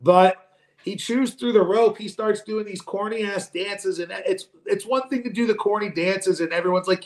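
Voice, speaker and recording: A man co-hosting a podcast, talking sports in a profane, animated way and acting out quoted voices. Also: high voice, measured pace, echoey room. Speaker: podcast co-host. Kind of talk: casual sports chat.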